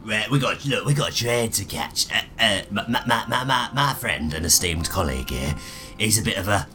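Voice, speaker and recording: Stammering player. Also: male voice, lowish voice, lively intonation, moderate pace, sharp tone, faint music behind. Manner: bumbling, stammering banter. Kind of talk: playing a tabletop game.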